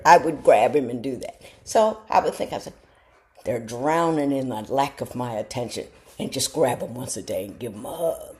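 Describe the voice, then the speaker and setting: A middle-aged woman, talking straight to her viewers in a folksy, self-mocking monologue. Her voice sits low and warm, with a gravelly edge. She swings her pitch a lot and jumps high when she quotes someone. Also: animated, moderate pace. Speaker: show host talking to viewers. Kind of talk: casual storytelling monologue.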